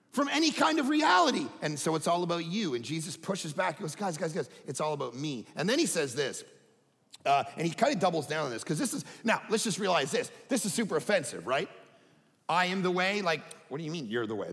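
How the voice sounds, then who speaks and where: Middle-aged male pastor, sermon delivery, high lively pitch, gravelly edge, church-hall reverb. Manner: animated, swings from loud emphatic highs to low quiet asides.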